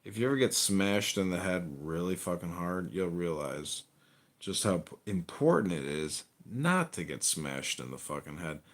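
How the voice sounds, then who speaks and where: A man's voice: low-pitched, expressive, moderate pace. A man hosting a podcast, trading crude, mocking and profane banter with a caller. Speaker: podcast host.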